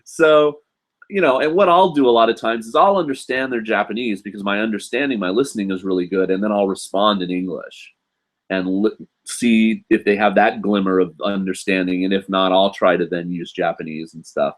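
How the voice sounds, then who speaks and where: Hosting a laid-back live Q&A, a man with a fairly low voice, who teaches English at a university in Japan, talks at a moderate pace. He rambles chattily with plenty of "you know," getting animated and pitching his voice up to imitate students and coworkers.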